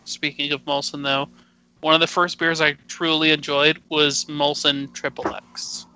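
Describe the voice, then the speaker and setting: A man's voice: on the high side, level tone, a little slow, sharp tone, smooth, low-quality recording. A man on a casual podcast, ranting brashly and swearing freely. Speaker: podcast co-host. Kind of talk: casual chat.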